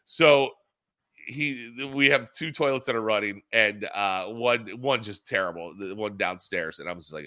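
男 爽朗明亮的男声，滔滔不绝地讲故事. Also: male voice, medium pitch, measured pace. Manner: rambling storyteller, animated, many restarts. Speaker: co-host of a racing talk show. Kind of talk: casual chat. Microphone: laptop built-in camera mic on a video call.

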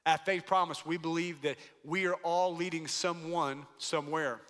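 A male pastor preaching from the stage of a large church, his voice high and bright, ringing with long hall reverb. He delivers the sermon with emphatic, playful energy. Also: fairly even intonation, normal speed.

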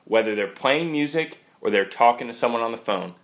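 A man's voice: mid-range voice, animated, brisk, a bit bright. A man co-hosting a casual show, teasing his friend with mock indignation. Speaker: podcast co-host. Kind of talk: casual banter.

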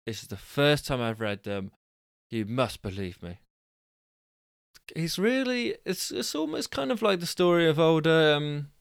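A male storyteller with a smooth, clear voice, reading stories aloud and breaking off for rambling, self-deprecating chats. The sound is close and dry, with no room echo. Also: mid-range voice. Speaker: storyteller and host.

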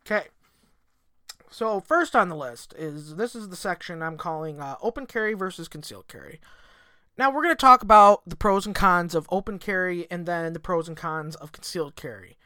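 A man with a bright, sharp voice hosts his own podcast alone, cursing freely as he rambles and hammers his points home. The sound is dry and close on a desk mic, with no room around it. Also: sits high, lively intonation, moderate pace, smooth, no echo. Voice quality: profane, rambling, emphatic. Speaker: podcast host. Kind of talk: solo podcast monologue. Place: home in Michigan.

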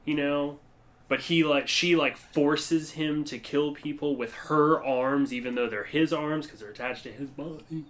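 A man's voice: a little high, fairly even intonation, unhurried, fairly bright tone. Rambling young man in casual chat. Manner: rambling, filler-heavy, laughs often. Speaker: podcast co-host.

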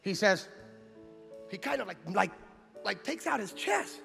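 A man preaching a sermon, telling a story with acted-out dialogue and building into shouted passages. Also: sits high, very animated, unhurried, vocal fry, pauses often. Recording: long hall reverb with faint music.

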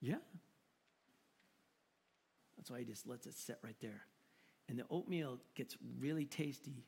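A man preaching a sermon in an animated, joking way, often repeating words for emphasis. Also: medium pitch, vocal fry, breathy edge. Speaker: pastor.

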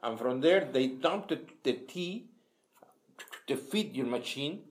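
An older man from Peru, a native Spanish speaker with a Peruvian Spanish accent, telling his life story in halting English with many restarts at a kitchen table. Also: mid-range voice, lively intonation. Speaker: interviewee. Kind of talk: casual storytelling.

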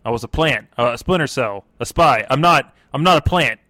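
A man voicing a gruff, authoritative male spy from the Renaissance in an improvised comedy podcast bit, rambling as he talks. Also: mid-range voice, lively intonation, moderate pace, bright, forceful tone, no echo. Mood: explaining.

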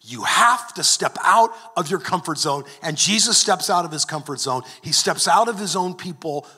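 A man's voice: sits high, expressive, normal speed, bright, forceful tone, slightly rough. A man preaching a sermon, earnest, often restarting and repeating words. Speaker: pastor. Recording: long hall reverb.

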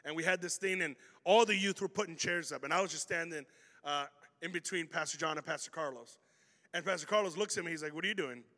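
A man's voice: fairly high pitch, quick pace, pushed and bright. A man preaching a sermon as pastor, telling stories animatedly and acting out the voices of the people in them. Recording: hall reverb.

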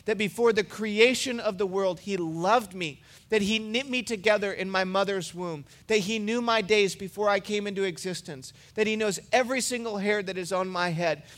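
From the pulpit, a pastor with a high voice preaches conversationally and easily, at a moderate pace with few pauses, tying personal anecdotes to his message.

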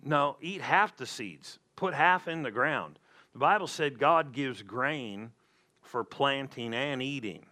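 A man's voice: medium pitch, expressive, slow pace, pushed and bright. A man preaching a sermon in a conversational way, repeating his points for emphasis. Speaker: pastor.

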